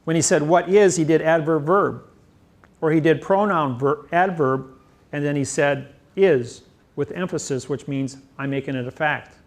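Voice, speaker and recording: Gravelly, boastful man lecturing. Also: a little high, moderate pace. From United States. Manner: boastful, emphatic, rambling self-praise. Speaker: seminar lecturer. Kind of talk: lecture on grammar.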